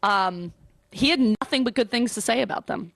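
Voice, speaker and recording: A woman's voice: fairly high pitch, moderate pace, gravelly, dry recording. A woman co-hosting a casual chat show, blunt and opinionated. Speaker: co-host.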